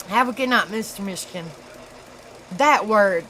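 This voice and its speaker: A woman with a Southern US accent hosting a casual live stream, chatty and laughing at herself often, in a dark room. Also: mid-range voice, animated, very slow, pauses often, background noise. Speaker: livestream host.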